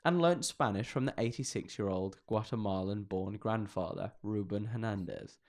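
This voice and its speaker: With a low-leaning, darkish voice at normal speed, this comedy podcast co-host reads stories from the internet aloud. His casual chat is jokey and packed with swearing.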